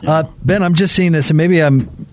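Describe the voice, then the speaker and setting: Brief: male sports talk co-host, fairly high voice, animated and quick to laugh. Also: dry recording. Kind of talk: casual sports radio banter.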